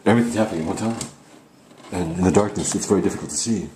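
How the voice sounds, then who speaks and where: A man's voice: fairly low pitch, animated, brisk, long pauses, mellow, reverberant, slight background noise. A man hosting a spoof paranormal investigation, rambling and faking panic and awe. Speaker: host of a mock paranormal investigation. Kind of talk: comic mock-serious ghost hunting.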